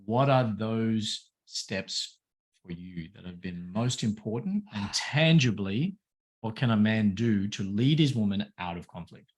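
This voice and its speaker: A man's voice: lowish voice, expressive, measured pace, a little mellow. A man hosting a conversation, talking candidly and rambling, with frequent restarts as he corrects himself. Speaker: host. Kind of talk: podcast conversation.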